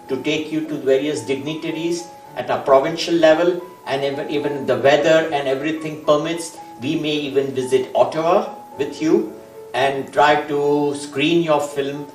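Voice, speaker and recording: Formal male host, distant and echoey. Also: on the high side. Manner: formal, measured, some hesitation. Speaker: talk show host. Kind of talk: formal interview questions. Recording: echoey, distant from the mic, faint music.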